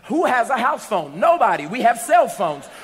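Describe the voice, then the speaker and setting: A man with a high voice preaches a sermon in a church. His delivery is animated storytelling that climbs into shouts, and his voice rings with a long reverb in a big sanctuary. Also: normal speed.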